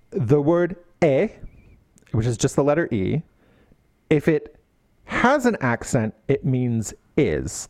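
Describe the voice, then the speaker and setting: A man in casual podcast chat, ranting with lively energy and frequent laughs. His pitch swings widely from low grumbles to high bursts. The sound is dry and close. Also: no echo. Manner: animated, ranting, laughs often. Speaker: podcast co-host.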